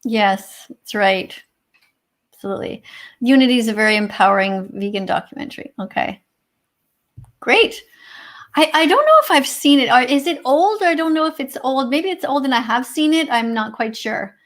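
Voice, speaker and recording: A Canadian woman co-hosts a livestream over video call, reading chat comments aloud and firing back sarcastic answers with some swearing. Her voice is high and expressive, fairly bright in tone, at a moderate pace.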